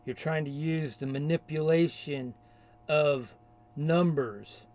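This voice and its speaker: A man's voice: fairly high pitch, slow pace, a little mellow. A man delivering a combative, insulting rant in a video rebuttal. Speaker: video commentator. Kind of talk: ranting rebuttal.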